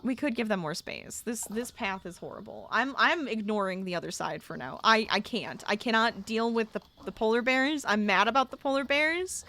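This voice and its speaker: Chatty woman streamer with a lively voice. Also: on the high side, normal speed, few pauses, dry recording. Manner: chatty, talks to chat, gets exasperated. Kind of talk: casual gameplay livestream chat.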